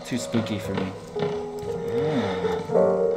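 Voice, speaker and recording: A man's voice: medium pitch, moderate pace, pauses often, soft background music, poor audio. A man hosting a horror game let's-play, nervously joking and pleading with the game in casual commentary. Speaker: gaming channel host.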